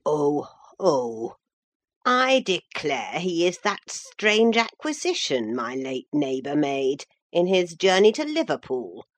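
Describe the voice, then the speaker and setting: A woman's voice: low voice, sing-song, slow, heavily acted. A pompous old magistrate who blusters and declaims, as a woman reads him aloud. His voice sits a little below the reader's own, and is otherwise close to it. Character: pompous older male magistrate.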